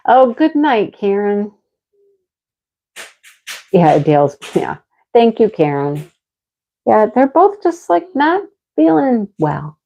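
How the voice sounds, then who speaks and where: A woman's voice: medium pitch, big pitch swings, takes it slowly, creaky, pauses often, muffled recording. A middle-aged woman hosting a casual livestream, chatting with viewers and talking to her dogs. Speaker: livestream host.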